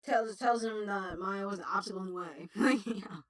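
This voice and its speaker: A woman's voice: medium pitch, moderate pace, recorded from a distance, rough recording. A woman streamer chatting casually on a livestream, rambling, swearing and laughing often.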